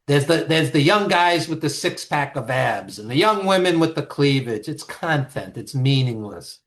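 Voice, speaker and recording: A man, a guest on an interview show, telling stories in an animated, emphatic way with frequent restarts. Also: mid-range voice. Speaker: guest, author and producer. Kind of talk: storytelling interview talk.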